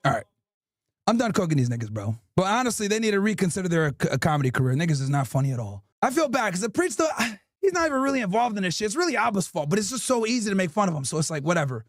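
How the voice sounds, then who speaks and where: A man with a strikingly high voice, his pitch leaping around as he mocks and roasts with nonstop swearing. He speaks loud and animated, close to a dry mic with no room echo. It comes across as an unfiltered podcast host on a tear. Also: very fast. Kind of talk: profane comedic roast.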